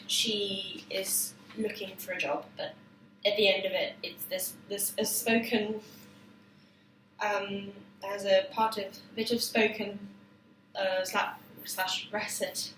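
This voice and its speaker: Woman, self-filmed, halting explainer with fillers; faint room noise behind. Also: mid-range voice, fairly even intonation, a bit bright. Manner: hesitant, many fillers and restarts. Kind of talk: informal spoken explanation to camera. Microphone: self-filmed camera or phone. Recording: roomy, distant, faint background noise.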